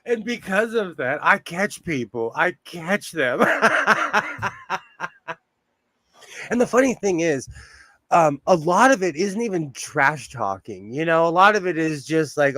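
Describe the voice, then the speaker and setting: Chatty man, slightly higher-pitched voice. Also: expressive, unhurried, sharp tone, no echo. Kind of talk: casual group chat on a livestream.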